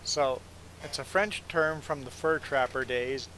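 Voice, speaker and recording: Relaxed male game streamer chatting. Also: mid-range voice, unhurried, a little hiss or hum, poor audio. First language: not English. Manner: relaxed, rambling, chatting to viewers. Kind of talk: casual chat while gaming.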